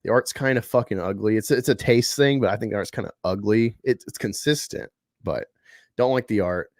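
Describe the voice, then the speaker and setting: A man's voice: fairly low pitch, a little fast, darkish tone, no room sound, clean studio sound. A man hosting a casual live stream about comic books. He rambles, swears freely and talks with sarcasm. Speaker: host. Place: home room at a table.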